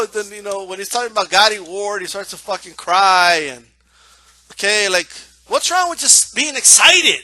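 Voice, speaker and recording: A man's voice: high voice, moderate pace, bright, forceful tone, no room sound. A man ranting casually about boxing, profane and mocking, often repeating himself and doing sarcastic asides. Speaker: boxing commentator.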